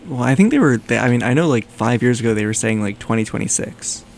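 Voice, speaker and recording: A male college radio host with a gravelly, fry-heavy voice chats loosely in the studio. He talks in easy, halting bursts and asks the band light questions, with faint background hiss. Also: medium pitch. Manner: relaxed, stumbling, asks the questions. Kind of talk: casual studio chat.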